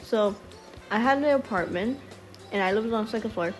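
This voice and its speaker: A woman's voice: on the high side, moderate pace. A woman telling a casual storytime over a drawing video. She rambles, swears freely, wanders off on tangents and stutters at times. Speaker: storytime vlogger. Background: faint background music.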